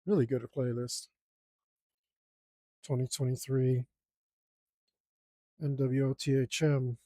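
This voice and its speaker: A man's voice: mid-range voice, level tone, slow pace, dark tone, no room sound, studio quality. A young man inking a drawing, casually muttering and criticizing his own lines as he works. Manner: self-critical, mutters to himself while drawing. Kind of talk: casual work-along commentary.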